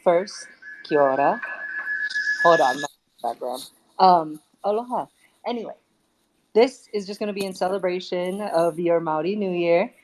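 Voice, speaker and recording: Woman host, slightly low voice, effusive, runs the room. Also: moderate pace, slight background noise, low-quality recording. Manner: warm, effusive, hands out turns to speakers. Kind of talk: casual live audio chat.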